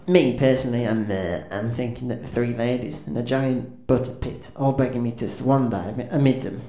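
A man's voice: mid-range voice, fairly even intonation, moderate pace, mellow. Awkward rambling man, echoey room. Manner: awkward, self-deprecating, hesitant with many ums and restarts. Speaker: comedic frontman of a band. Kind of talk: rambling stand-up patter. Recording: echoey room with faint ambience.

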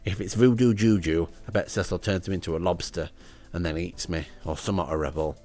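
Dry rambly guy doing a funny diary podcast from his front room, kinda low voice. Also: steady tone, a little fast, darkish tone. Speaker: podcast host. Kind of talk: comic audio diary. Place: indoors, front room at home.

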